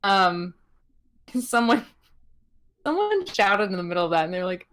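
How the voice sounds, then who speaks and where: A woman's voice: mid-range voice, unhurried, pauses often. A young woman co-hosting a podcast, recapping wrestling in casual chat with lots of ums and giggles. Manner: chatty with many ums, giggles, animated voices in quotes. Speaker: podcast co-host.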